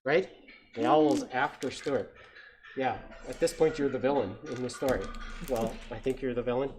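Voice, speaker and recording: A man's voice: medium pitch, moderate pace, a little mellow, a little hiss or hum. A man reading a picture book aloud at a children's story time, stopping often for playful, chatty asides to the audience. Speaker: story time reader at a science center.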